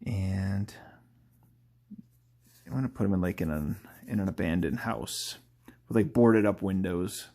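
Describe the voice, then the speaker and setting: A man's voice: sits low, measured pace, pauses often, dark tone. A man talking casually while he draws live, rambling and thinking aloud, laughing at his own jokes and often trailing off mid-thought. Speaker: artist drawing live. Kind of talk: casual live-drawing commentary.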